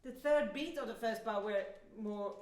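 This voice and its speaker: A British woman coaching a flute student in a masterclass, expressive and singing phrases to demonstrate. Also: a little high, moderate pace. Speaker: flute teacher. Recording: echoey hall.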